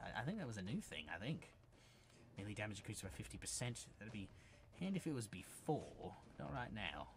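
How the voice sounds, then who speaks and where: A young man streaming a game, narrating as he plays and yelling excited taunts and battle cries at enemies. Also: lowish voice, brisk, a little hiss or hum. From Australia. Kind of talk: let's-play gaming commentary.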